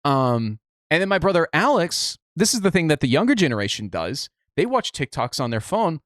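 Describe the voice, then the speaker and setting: A man's voice: fairly high pitch, very animated, moderate pace, a bit bright, dry recording, clean studio sound. A man co-hosting a podcast, telling a long story in casual chat, rambling with many restarts. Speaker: podcast co-host.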